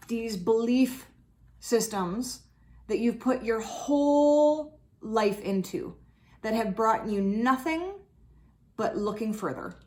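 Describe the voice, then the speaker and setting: Frank, animated woman tarot host. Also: on the high side. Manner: frank, swearing, animated, acts out inner voices. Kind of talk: casual spiritual talk to camera.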